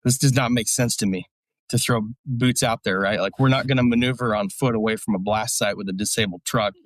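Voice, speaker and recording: A man's voice: on the low side, fairly even intonation, a little fast, no room sound. A man, a military veteran guest, telling a story casually in a blunt, profane, rambling way with lots of fillers.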